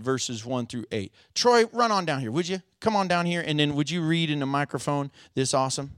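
A man preaching a sermon as pastor, relaxed and joking with the congregation between scripture readings. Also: a little high, dry recording, studio quality. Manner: casual, joking asides to the congregation.

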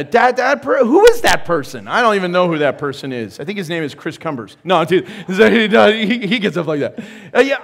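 A middle-aged male pastor delivers a sermon conversationally, adding laughing asides as his emphasis builds. His voice sits high.

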